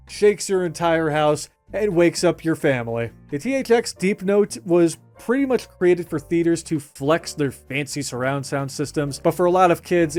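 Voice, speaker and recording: A young man in his twenties doing casual, jokey commentary as a video host, animated and swearing casually. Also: on the high side.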